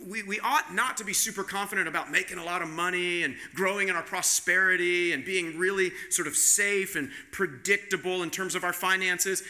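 A man's voice: high voice, pushed and bright. A man preaching a sermon, earnest, with rhetorical questions and frequent restarts. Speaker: pastor.

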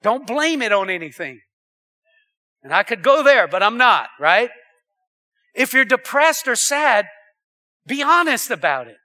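A man preaching to his congregation. His voice sits high and rings bright and forceful, and he keeps turning to the crowd with questions as he swings between loud and hushed. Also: measured pace, long pauses. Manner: animated preaching with audience call-outs. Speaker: pastor. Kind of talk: sermon.

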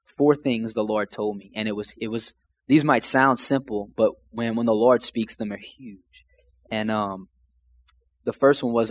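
A man's voice: fairly low pitch, steady tone, moderate pace. A young man from Louisiana casually telling his faith testimony, rambling and emotional, full of "man" and "like". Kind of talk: casual personal storytelling.

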